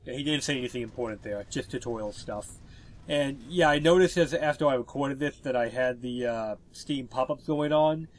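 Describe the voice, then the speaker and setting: Congested from a cold, a man narrates a game walkthrough in a chatty, explanatory way full of filler words. He speaks at a moderate pace with a medium-pitched voice.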